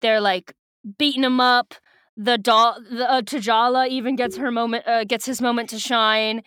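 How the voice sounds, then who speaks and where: A woman's voice: on the high side, steady tone, moderate pace, a bit bright, smooth, dry recording, studio quality. A young woman co-hosting a podcast, recapping a book in a giggly, irreverent, swearing chat. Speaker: podcast co-host.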